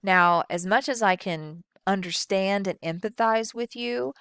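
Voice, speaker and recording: A woman instructor giving a recorded lecture on public speaking, with deliberate, demonstrative delivery and well-placed pauses. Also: medium pitch, fairly bright tone, clear, resonant tone, dry recording, studio quality.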